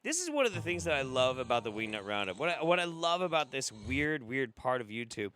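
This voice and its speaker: Animated, bright-voiced man reacting to clips. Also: mid-range voice, brisk, a little hiss or hum. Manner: profane, laughing, incredulous. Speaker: host. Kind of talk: reaction commentary.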